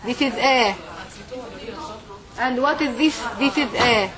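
High-voiced teacher. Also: female voice, slow pace, a crowd in the background. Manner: repetitive, checks understanding with frequent "okay?". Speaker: Arabic and Quran teacher. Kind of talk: classroom lesson.

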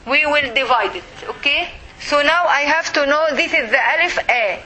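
Woman teacher, high and bright, patient syllable-by-syllable drilling, slight background noise. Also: low-quality recording. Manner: patient, repeats words slowly syllable by syllable. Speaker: Quran reading teacher. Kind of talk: classroom recitation lesson.

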